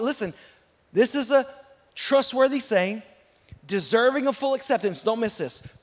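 A man preaching a sermon as a guest pastor, with emphatic repeated refrains and sudden loud peaks. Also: very high-pitched. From Texas. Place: church auditorium. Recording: long reverb of a church hall.

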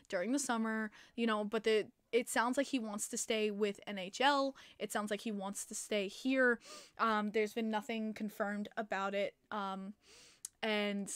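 A woman's voice: mid-range voice, fairly bright tone, clean tone, no room sound. A woman hosting a casual hockey podcast livestream, chatting with many fillers and laughing often. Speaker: podcast host.

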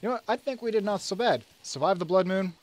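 Brief: young male let's-play host with a high voice, excitable, mock-regal pep talks, then mumbles. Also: quick pace. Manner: excitable, swings from shouting orders to muttering; mock-royal speeches to his troops. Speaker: gamer.

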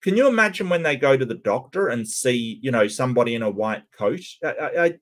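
A man's voice: medium pitch, lively intonation, fairly quick. A man casually commentating on a cartoon and answering his chat, stumbling over many repeated starts.

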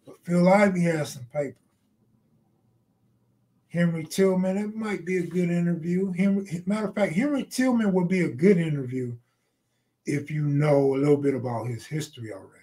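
A middle-aged man hosts a live stream, freestyling rambling anecdotes packed with slang and cursing. He breaks off mid-story to answer viewers. His dark-toned voice sits a bit high for a man and moves at normal speed.

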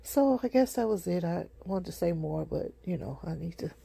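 Sleepy, gravelly, husky street preacher. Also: mid-range voice, animated, warm tone, no echo. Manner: repetitive, halting, many fillers and restarts. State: sleepy, yawning. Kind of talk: rambling personal testimony.

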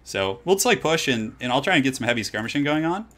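A man's voice: medium pitch, sing-song, quick pace, fairly bright tone. A man casually chatting while streaming a strategy game, laid-back and laughing often, trailing off into fillers. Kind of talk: casual gaming stream chat. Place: home, California.

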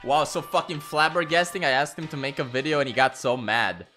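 A man's voice: fairly high pitch, fairly quick, pushed and bright, faint music behind. A man streaming a game in casual, profane commentary, laughing and getting sidetracked. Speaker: gaming streamer.

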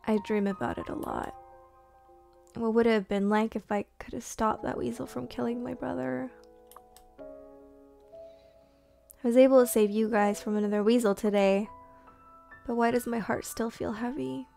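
A woman reading game dialogue aloud, voicing a guilt-ridden male rabbit captain in a quiet, subdued way. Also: a little high, expressive, a little slow, vocal fry, pauses often, faint music behind. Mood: sad.

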